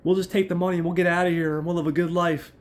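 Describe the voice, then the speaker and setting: A hoarse man voicing a frantic young woman gushing her thanks and begging to run off together. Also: high voice, level tone, rapid-fire, voice pushed up, close to an everyday voice. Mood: pleading. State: hoarse from a cold.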